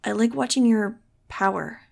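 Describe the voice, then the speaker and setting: Woman reading as a calm, admiring teenage boy. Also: medium pitch, normal speed, vocal fry. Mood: tender.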